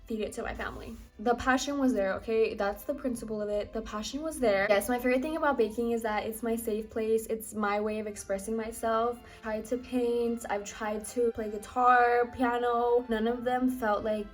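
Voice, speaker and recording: A woman in her twenties, a home baker, chatting to camera for her vlog in a bubbly, fast, gushing way. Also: fairly high pitch, little pitch movement, soft background music. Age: 20s. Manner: bubbly, talks fast and gushes. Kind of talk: casual chat to camera.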